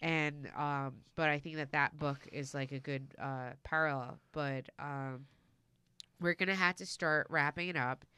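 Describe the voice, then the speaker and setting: A woman's voice: low-pitched, steady tone, measured pace, pushed and bright, clean tone, dry recording. A woman hosting a casual chat, talking loosely with many fillers. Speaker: host.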